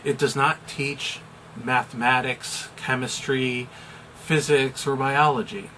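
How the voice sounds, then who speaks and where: A middle-aged American man, a chaplain, explaining a topic in a measured, deliberate way with some fillers. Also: medium pitch, level tone, sharp tone, slight background noise, poor audio. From United States. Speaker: chaplain and pastor. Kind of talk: explanatory video commentary.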